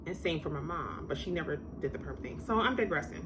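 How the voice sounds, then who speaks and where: A woman's voice: deep voice, brisk, noisy background. Chatty middle-aged woman storyteller. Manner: chatty, digressive, animated when quoting people. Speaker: vlogger telling personal stories. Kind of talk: casual storytelling to camera.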